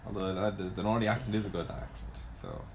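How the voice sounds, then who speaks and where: A young man co-hosting a casual podcast, teasing in a dry, deadpan way. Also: on the low side, fast talker, slight background noise. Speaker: podcast co-host.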